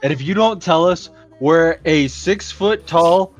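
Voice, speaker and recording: Teasing man with a higher voice. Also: a little slow, dull audio. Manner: laughing, teasing. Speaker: player. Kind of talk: casual tabletop game play. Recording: faint background music.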